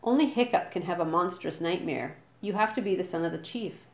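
A woman's voice: lowish voice, fairly quick, a little mellow, natural voice. A woman voicing a scornful, know-it-all young Viking boy who talks bluntly. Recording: roomy echo.

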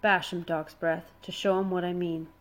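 A woman's voice: lowish voice, level tone, normal speed, lightly acted. A woman voicing a bossy, menacing Viking boy who bullies the others, read in a storybook. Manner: menacing, commanding. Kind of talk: storybook reading.

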